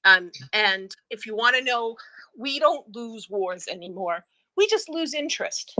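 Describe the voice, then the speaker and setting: A woman's voice: fairly high pitch, animated, unhurried, pushed and bright, no room sound, rough recording. A woman taking part in an online audio debate, speaking bluntly with a sardonic edge. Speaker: discussion participant.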